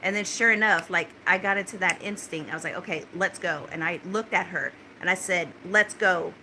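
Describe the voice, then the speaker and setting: Low-voiced woman telling a story. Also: fairly quick, pushed and bright, slight background noise, rough recording. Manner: rambling, many restarts and fillers, urgent retelling. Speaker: concert survivor telling her story. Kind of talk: casual spoken account to a phone. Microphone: phone held close.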